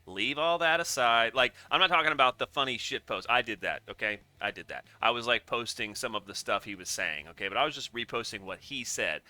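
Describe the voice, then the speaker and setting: A man's voice: medium pitch, pushed and bright, no room sound. A man casually reacting to a video, rambling and sarcastic, often getting worked up and swearing. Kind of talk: casual profane reaction commentary.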